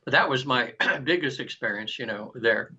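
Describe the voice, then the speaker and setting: An animated man in his sixties, guesting on an interview show, tells a long personal story. His voice is bright and edged. He jumps into quoted lines and restarts his thoughts, and the recording sounds muffled and lo-fi. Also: medium pitch, moderate pace, breathy edge. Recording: dull lo-fi recording.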